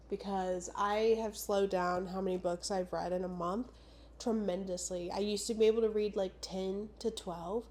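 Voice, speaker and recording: A woman's voice: medium pitch, a little mellow. A young woman in her twenties, sick and stuffed up, chatting casually and rambling through a book vlog with lots of "like" and "I don't know". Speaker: booktuber.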